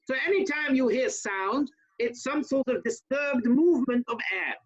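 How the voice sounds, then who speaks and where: Fast-talking rabbi teaching over lo-fi call. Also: male voice, extremely high pitch. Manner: fast-talking, conversational, chatty asides to listeners. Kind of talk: informal Torah class over video call.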